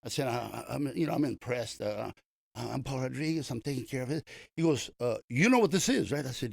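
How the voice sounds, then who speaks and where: Man, older, gravelly, rambling storyteller, dry close sound. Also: medium pitch, animated, brisk, darkish tone, no echo. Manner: rambling, many restarts and fillers. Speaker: comedian guest. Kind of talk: casual storytelling interview.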